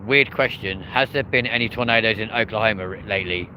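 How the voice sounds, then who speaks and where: A man's voice: on the low side, quick pace. A man hosting a live plane-spotting stream outdoors by an airport runway, chatting casually with viewers and cheering the planes on. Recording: loud wind and traffic noise.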